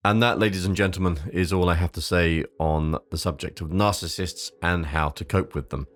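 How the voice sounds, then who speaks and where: Deep-voiced man hosting an advice podcast. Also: steady tone, normal speed. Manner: reads a prepared script with off-script asides; swears casually. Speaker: podcast host.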